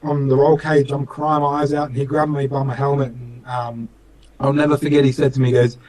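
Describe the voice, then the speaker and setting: A man's voice: mid-range voice, level tone, brisk, a little mellow, low-quality recording. Earnest young Australian man rambling. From Western Australia. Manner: earnest, rambling storyteller with many fillers. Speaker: racing driver guest. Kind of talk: casual storytelling interview.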